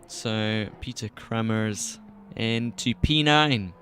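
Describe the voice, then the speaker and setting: A man's voice: fairly low pitch, slow pace, sharp tone, a little hiss or hum. A British man commentating a live sim racing broadcast from a commentary box, calling the action with jokey asides. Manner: chatty, jokey asides between race calls. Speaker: esports race commentator.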